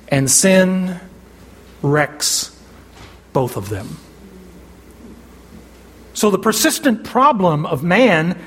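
A man's voice: sits high, a bit bright. A man preaching a sermon, emphatic, quoting scripture and asking his listeners to call out answers. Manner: emphatic, asks the congregation questions and pauses for answers. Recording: long hall reverb.

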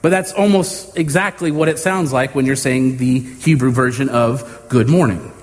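A man preaching a sermon to his congregation, measured and emphatic, with homey humor and deliberate pauses. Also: mid-range voice. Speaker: pastor. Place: church sanctuary. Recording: long hall reverb.

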